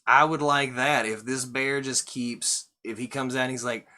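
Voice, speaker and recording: A man hosting a comedic storybook reading, breaking off to riff on each page with crude, irreverent jokes. His voice is bright and crisp, with an ordinary middle pitch. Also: fairly even intonation, moderate pace, hardly any pauses. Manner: irreverent, profane running commentary. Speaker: storyteller host. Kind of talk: comedic picture-book reading.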